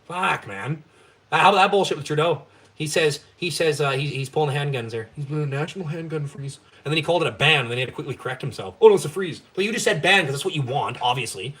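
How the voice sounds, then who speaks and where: A man's voice: a little high, quick pace, bright, forceful tone. A young man from Canada hosting a live stream, ranting in a blunt, profane, fired-up way. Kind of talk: ranting casual chat.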